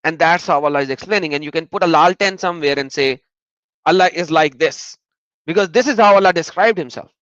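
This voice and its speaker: A man giving sarcastic video commentary as an online religion critic, mocking and swinging between loud exclaiming and muttering. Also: on the high side, quick pace, hardly any pauses, clean tone, dry recording, highs cut off.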